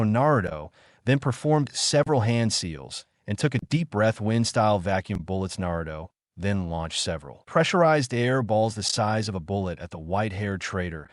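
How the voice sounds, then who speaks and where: Low-voiced male story narrator. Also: lively intonation, normal speed, no echo, clean studio sound.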